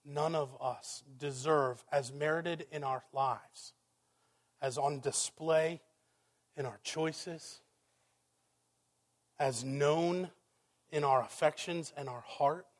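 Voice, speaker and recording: A man preaching a sermon, emphatic, firing rhetorical questions and swinging from loud exclamations down to hushed, quiet passages. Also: a little high, fairly even intonation, slow pace, long pauses. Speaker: pastor.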